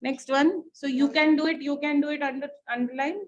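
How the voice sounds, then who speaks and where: A woman with an Indian English accent teaching an online English class, repeating each phrase slowly for students to underline. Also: high-pitched, fairly even intonation. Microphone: computer or headset mic on a video call. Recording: dull lo-fi online call audio.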